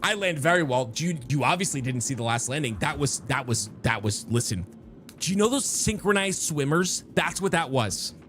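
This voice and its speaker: A man's voice: fairly high pitch, lively intonation, moderate pace, fairly bright tone, slight background noise. A man streaming a game live, chatting casually and rambling with his viewers, often interrupting himself. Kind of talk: casual live-stream chat while gaming. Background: faint background music.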